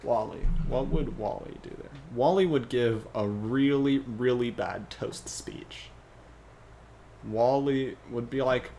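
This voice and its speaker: A man's voice: medium pitch, slow, creaky, warm tone, slight background noise. A man rambling and joking to himself as he thinks aloud, working out a fan script. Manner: rambling, self-joking, trailing off.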